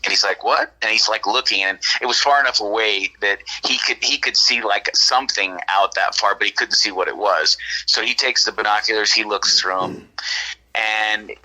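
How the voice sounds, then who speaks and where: Casting: man from California, lower-pitched but very bright and forceful, rambling anecdote with acted-out quotes. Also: normal speed, rough recording. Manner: rambling, animated, acts out quoted dialogue. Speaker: guest telling an encounter story. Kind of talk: casual storytelling on a podcast.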